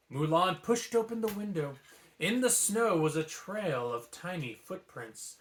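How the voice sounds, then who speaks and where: Animated man reading a bedtime story. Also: high voice, a little slow. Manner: playful and animated, with asides. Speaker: storybook reader. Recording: echoey room.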